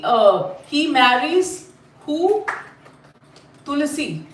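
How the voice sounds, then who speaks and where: A woman from India, telling a story to a class in an animated, chatty way and quizzing her listeners. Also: sits high, slow pace, a little hiss or hum. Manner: animated, chatty, asks the group questions. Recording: roomy, mic at a distance.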